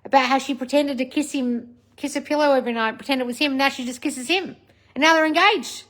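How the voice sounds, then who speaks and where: A woman hosts a casual livestream, reading out viewer comments and answering them like a blunt, scolding coach, swearing plenty along the way. Her voice sits high, with a brisk pace and a fairly bright tone.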